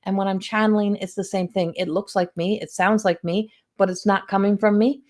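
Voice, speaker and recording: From her home, a middle-aged woman hosts a psychic medium stream, talking a little fast in a mid-range voice. Chatty and animated, she keeps quoting other people, and the audio has the feel of a webcam mic in a home room.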